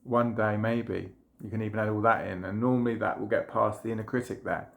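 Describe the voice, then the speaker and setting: A man, a trauma healing practitioner, calmly guiding viewers through a tapping exercise with gentle, repeated phrases. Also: fairly low pitch, quick pace, gravelly. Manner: gentle, repetitive guided phrases. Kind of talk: guided tapping demonstration.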